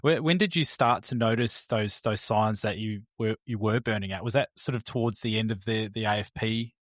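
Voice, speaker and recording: A man's voice: fairly low pitch, moderate pace, a bit bright, dry recording, studio quality. A man, a podcast host who asks curious questions and restarts his words. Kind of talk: interview questions.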